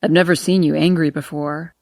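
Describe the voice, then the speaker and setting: Audiobook: woman reading a cocky young male cop, low and teasing, dry close recording. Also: steady tone, brisk, no echo.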